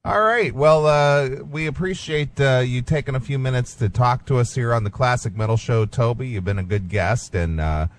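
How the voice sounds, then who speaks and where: A male radio host leads an interview in a mid-pitched voice. He asks questions and jokes with his guest in easy banter. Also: normal speed, few pauses, slight background noise.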